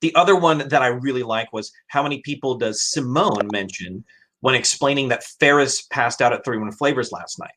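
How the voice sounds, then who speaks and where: A man's voice: mid-range voice, normal speed, a bit bright, slight background noise. A man hosting a casual live-stream chat, speaking in a hesitant way with many restarts. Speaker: host.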